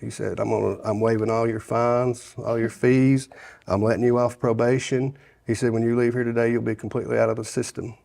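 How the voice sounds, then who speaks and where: A middle-aged man from Sevier County, Tennessee, shares his testimony as a guest in a casual interview. His medium-pitched voice is creaky and darkish with little pitch movement and a slightly fast pace. He rambles through his life story, restarting often and saying "you know" a lot.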